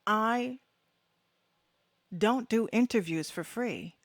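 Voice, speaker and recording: A woman's voice: fairly high pitch, takes it slowly, no echo, clean studio sound. A woman hosting her own podcast, giving blunt, fired-up opinions in slangy, frank talk with plenty of swearing. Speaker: podcast host. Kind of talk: casual solo talk.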